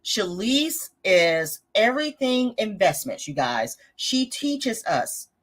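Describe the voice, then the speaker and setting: A woman's voice: medium pitch, very animated, takes it slowly. A woman hosting a casual budgeting livestream, chatting, reading viewer comments aloud and correcting herself as she goes. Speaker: host of a live budgeting stream.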